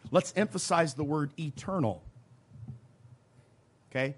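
A man with a slightly high voice preaches in an emphatic teaching style. He slows way down to stress each scripture phrase and drops in folksy asides. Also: breathy edge. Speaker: preacher teaching soul-winning. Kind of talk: sermon teaching with role-played witnessing.

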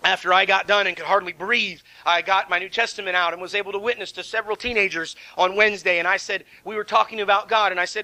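Middle-aged male pastor, folksy sermon delivery, high bright voice, dry close sound. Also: fairly even intonation, fast, few pauses, no room sound, low-quality recording. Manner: folksy and conversational, with many fillers and restarts.

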